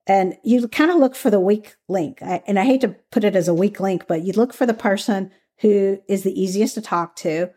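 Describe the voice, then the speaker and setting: Her voice is mellow and medium-pitched, and she talks at a normal speed with hardly any pauses. She's a former undercover agent from the American South sharing stories from the job in a candid, chatty interview, laughing easily as she goes.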